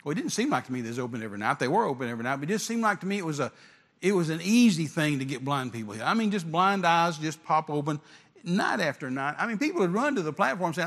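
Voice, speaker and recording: A man's voice: on the high side, expressive, quick pace, a bit bright. An older man, an evangelist preaching a sermon full of stories, emphatic and repetitive, with stammering restarts. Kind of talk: sermon storytelling. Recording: long reverb of a hall.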